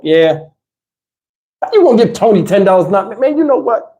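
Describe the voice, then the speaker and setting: A man's voice: high-pitched, big pitch swings, moderate pace, dark tone. Laid-back Southern man telling stories. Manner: loose storytelling, laughs often, mimics movie lines. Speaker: livestream host. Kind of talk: casual live chat reading donations.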